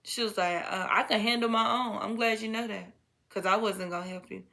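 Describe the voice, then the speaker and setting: A young woman telling a casual storytime, blunt, profane and animated, full of slang and quoted dialogue. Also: mid-range voice, brisk, creaky.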